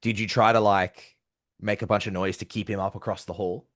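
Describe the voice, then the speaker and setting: A man's voice: on the low side, little pitch movement, a little fast, fairly bright tone. A man interviewing a fighter, asking questions in a playful, teasing way. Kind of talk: casual interview.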